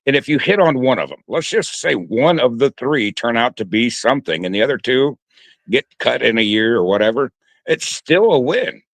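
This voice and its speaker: A man's voice: mid-range voice, very animated, moderate pace, fairly bright tone, dry recording. A man co-hosting a sports talk show, talking casually and hesitantly with frequent restarts. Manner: hesitant, many restarts and fillers.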